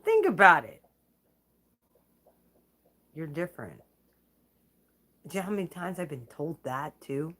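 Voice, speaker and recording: A woman's voice: lowish voice, huge pitch swings, fairly quick, hardly any pauses, a bit bright. A woman hosting her own channel, talking in a blunt, profane, casual vlog rant and laughing between remarks. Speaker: channel host.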